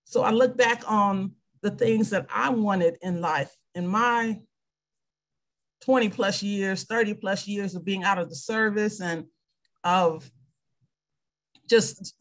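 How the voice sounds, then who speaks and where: A woman in her fifties speaks slowly at a medium pitch, her tone fairly bright. Having served as a veteran and now at a clinic, she reads scripture on a video call and then shares heartfelt, faith-centered thoughts on service from her own experience.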